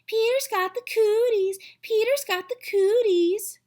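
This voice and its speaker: A woman voicing a bossy know-it-all schoolgirl of about nine, shrill and taunting. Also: a little slow, darkish tone. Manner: shrill, taunting, sing-song.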